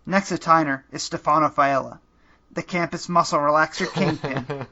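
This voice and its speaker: A man hosts a podcast, narrating a funny choose-your-own-adventure game with deadpan dryness broken now and then by laughs. The fairly high, bright-edged voice moves at normal speed, and the audio is slightly muffled and lo-fi.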